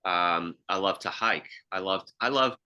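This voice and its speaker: A man's voice: low-pitched, a little slow, bright, forceful tone, smooth. A man co-hosting a podcast, telling reflective stories in casual chat with frequent restarts. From half Swiss. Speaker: podcast co-host.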